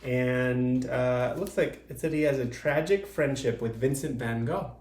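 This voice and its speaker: Male art teacher, mid-pitched, patient, step-by-step delivery for young children; reverberant room. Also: a little slow, a little mellow. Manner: patient step-by-step explaining with fillers.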